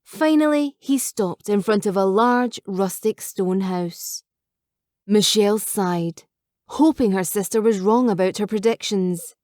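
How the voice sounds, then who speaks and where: A woman calmly narrating a novel as an audiobook reader. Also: mid-range voice, a little slow, no room sound, clean studio sound. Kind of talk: scripted narration.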